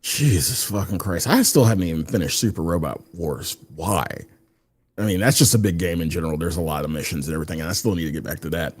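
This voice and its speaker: A man's voice: low voice, fast talker, breathy edge. A man co-hosting a casual gaming podcast in a laid-back way, swearing casually. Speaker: podcast co-host.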